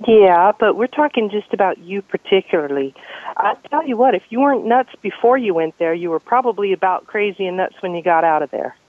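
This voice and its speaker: A man's voice: sits high, animated, brisk, no room sound. Man, radio host, easygoing and reflective, tinny phone-like audio, dry. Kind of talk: casual radio talk.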